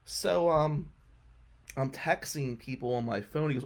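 A male radio show host telling a rambling, comic story in a casual way and clearing his throat often. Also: medium pitch, a little slow.

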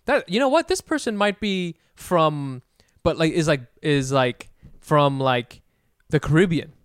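A man's voice: a little high, lively intonation, unhurried, smooth, no room sound, studio quality. A man in casual podcast banter, riffing jokes and teasing asides.

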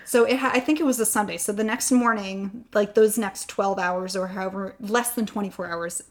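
A woman's voice: mid-range voice, fairly even intonation, a little fast. A woman in an interview, candidly telling a long personal story and getting choked up at times. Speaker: guest sharing her fertility story.

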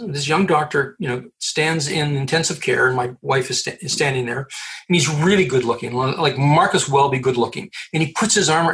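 A middle-aged man from Canada, a guest in an interview, telling a story in an animated way, laughing and acting out the voices he quotes. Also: a little high, low-quality recording. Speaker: guest, recruiter. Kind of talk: storytelling in a conversation.

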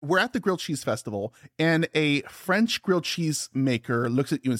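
A man's voice: fairly high pitch, expressive, brisk, hardly any pauses, no echo, studio quality. A man co-hosting a podcast in casual chat, playful and teasing. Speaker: podcast co-host.

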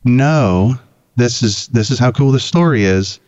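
A man spins a casual, profane anecdote in an animated, rambling way. His voice sits mid-pitch, and the recording is dry and slightly dull. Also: measured pace, no room sound. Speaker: guest, Jeep owner. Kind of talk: casual storytelling chat.

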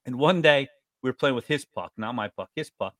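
A man in his forties from New York State tells stories in a lively voice that jumps all over its range. He sounds close and dry, with no room around him. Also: fairly quick, no echo. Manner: animated storyteller, jumps up in pitch. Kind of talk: casual chat.

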